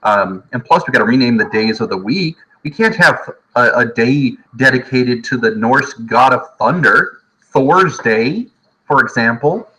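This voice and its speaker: A man teaching history from home in a casual, jokey lecture, often slipping into quick voices of historical people. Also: medium pitch, pushed and bright, poor audio.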